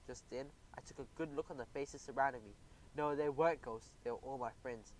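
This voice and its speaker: A man narrating a children's audiobook in the first person, animated and expressive. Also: medium pitch, brisk, low-quality recording.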